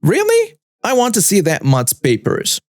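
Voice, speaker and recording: Casting: man putting on a screechy, hostile entitled woman customer, high-pitched, in a dead-dry room. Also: huge pitch swings, normal speed, no echo. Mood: hostile shrieking. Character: shrill rude entitled middle-aged woman customer.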